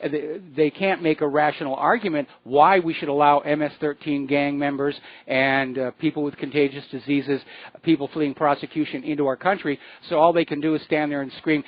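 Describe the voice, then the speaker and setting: A man hosting a call-in radio talk show, explaining his views in a measured way with frequent fillers. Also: a little high, fairly even intonation, no room sound, muffled recording. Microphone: studio microphone.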